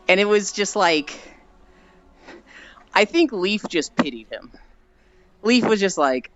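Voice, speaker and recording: A streamer rambles through stories in a loose, chatty way, sighing often and sounding tired and sweaty from walking. The voice sits in a middling pitch. The stream audio is a bit dull, with faint music underneath. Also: sing-song, measured pace, pauses often. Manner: chatty storyteller with frequent tired sighs. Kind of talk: casual rambling chat while walking on stream.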